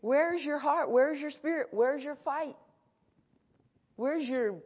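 A woman pastor preaching an animated sermon at a conference and acting out her dialogue, recorded in an echoey hall. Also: high voice, a little slow. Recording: echoey hall, dull sound.

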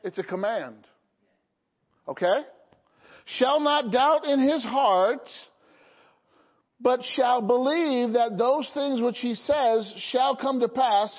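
Pastor, male, high voice, call-and-response sermon, dull lo-fi recording. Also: takes it slowly. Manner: call-and-response preaching, frequent "Okay?" and "Amen?".

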